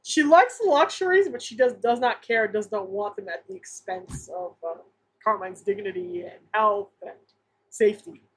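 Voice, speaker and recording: Giggly woman with a husky voice. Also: medium pitch, normal speed. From Massachusetts. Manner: laughs often, animated, jokey. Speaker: podcast co-host. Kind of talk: casual chat about a sitcom episode.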